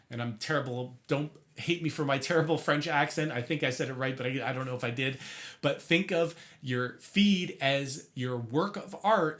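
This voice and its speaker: A young man teaching marketing tips straight to camera in an energetic, chatty way, often correcting himself mid-sentence. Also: medium pitch. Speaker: marketing coach for therapists.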